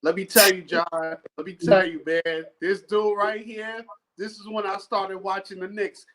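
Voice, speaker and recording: A man from Yonkers telling stories in a casual sports chat, excited and slangy. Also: high voice, unhurried, low-quality recording. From Yonkers, New York. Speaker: co-host.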